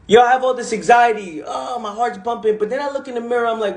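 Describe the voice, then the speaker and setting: A man's voice: sits high, brisk. A man in his twenties giving a casual live-stream monologue, intense and full of repeated rhetorical questions and swearing. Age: 20s. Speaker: motivational speaker on a live stream. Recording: echoey room.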